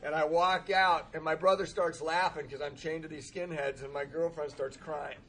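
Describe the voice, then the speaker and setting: Man with a slightly high voice, candid recovery storyteller, self-deprecating and chuckling at his own mistakes. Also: fairly even intonation, moderate pace, a bit bright, poor audio. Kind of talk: humorous personal storytelling.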